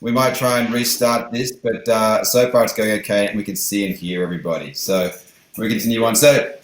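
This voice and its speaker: A man hosting a live stream show, upbeat and rambling, talking in quick bursts. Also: fairly low pitch, fairly even intonation, roomy sound, rough recording. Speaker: host. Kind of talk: live stream host chat.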